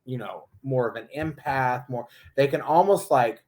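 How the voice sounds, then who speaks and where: A man's voice: mid-range voice, normal speed, a little mellow. Man, co-host, rambles and acts out quotes in casual talk. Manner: rambling, storytelling with acted quotes. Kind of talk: casual chat.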